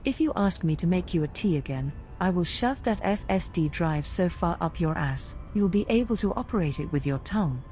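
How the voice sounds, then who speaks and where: A woman's voice: lowish voice, expressive, brisk, few pauses, a little mellow, faint music behind, pitched below the performer's own voice, natural voice. A woman voicing a foul-mouthed, sarcastic female ship computer that threatens the pilot. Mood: threatening. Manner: threatening, rude.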